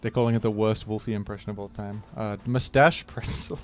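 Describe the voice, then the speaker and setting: Streaming a game live, a young man chats in a fairly low voice with mostly even intonation and a fairly quick pace. Soft background music plays as he jokes, rambles, and shouts out loud when something surprises him.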